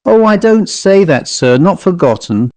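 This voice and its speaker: A nervous, deferential male manservant with a high, cracked voice, always adding "sir" and slipping in his grammar, as an audiobook narrator puts him on. The voice sits well above a normal man's register and the recording is dry and close. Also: big pitch swings, a little slow, darkish tone, no echo, heavily acted. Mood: startled fussing. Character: nervous middle-aged male English manservant, fawning. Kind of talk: audiobook character voice.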